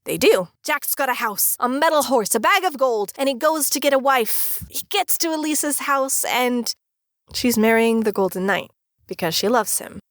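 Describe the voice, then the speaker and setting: A woman reviewing old holiday films in a comedic voice-over, animated and dramatic, breaking into shrieking outbursts. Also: high-pitched, moderate pace, dry recording, clean studio sound.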